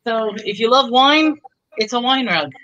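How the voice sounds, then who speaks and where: A woman pitching bargains on a live stream in a chatty, bubbly way. Her voice is bright and forward, and she keeps talking up each deal as she shows the items. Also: expressive, unhurried, dull audio, slight background noise. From Texas. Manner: chatty, bubbly, pushes deals. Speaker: seller on a live online auction.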